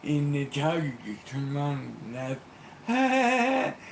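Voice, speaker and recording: A man's voice: mid-range voice, lively intonation, takes it slowly, a little hiss or hum, low-quality recording. A man streamer casually retelling a game's plot, rambling with frequent ums and restarts.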